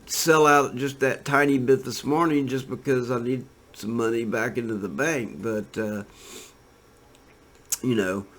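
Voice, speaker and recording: A man's voice: mid-range voice, steady tone, unhurried, a bit bright. Rambling laid-back man talking crypto charts. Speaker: crypto trading commentator. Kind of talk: casual screen-share commentary.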